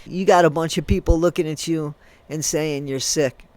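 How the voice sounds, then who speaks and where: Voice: mid-range voice, fairly even intonation, normal speed, darkish tone, dry recording. A commentary creator angrily ranting at someone, accusing him directly and spelling out swear words letter by letter. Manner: heated, accusing, addresses the subject directly.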